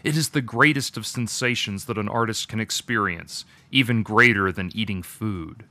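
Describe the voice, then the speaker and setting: Man doing stern talking tree, lecturing, bright forceful tone, dry close sound. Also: on the low side, normal speed, no echo. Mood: instructive. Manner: lecturing, disapproving.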